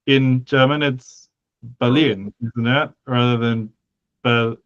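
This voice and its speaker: A man's voice: mid-range voice, fairly even intonation, takes it slowly, a bit bright, clean tone, dry recording. Guy co-hosting, teasing, dry close sound, a bit muffled. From United Kingdom. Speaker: podcast co-host. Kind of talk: casual chat.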